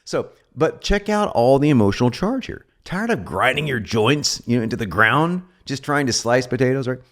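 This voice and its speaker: A man giving an informal copywriting lesson, animated and joking as he explains. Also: mid-range voice, normal speed. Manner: animated, joking asides, lively delivery. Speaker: copywriting instructor. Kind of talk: informal teaching.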